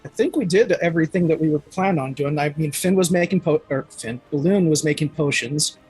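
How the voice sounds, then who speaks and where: A man's voice: on the high side, fairly quick, darkish tone, husky, soft background music, low-quality recording. A man talking easily about his character's preparations as a player in a tabletop game. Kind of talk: casual game chat.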